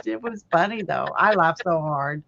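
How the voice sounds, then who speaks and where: Woman co-host, relaxed storyteller with frequent laughs; slow delivery, dry dull stream audio. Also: lowish voice, vocal fry, no echo. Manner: storytelling, laughs often, acts out voices in retelling. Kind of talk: casual chat.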